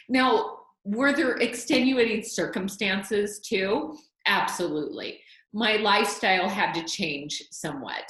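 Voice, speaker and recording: A woman's voice: medium pitch, measured pace, a bit bright, roomy sound, low-quality recording. A woman telling her personal health story as a podcast guest, earnest and close to tears at times. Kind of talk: emotional personal testimony.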